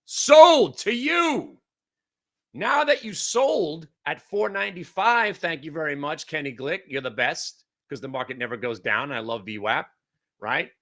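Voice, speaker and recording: A brash man runs a live trading room and calls out trades as they happen. His voice is bright and forceful, and he swings between loud outbursts and low, muttered asides. He swears casually as he talks. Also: moderate pace. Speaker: day-trading room host.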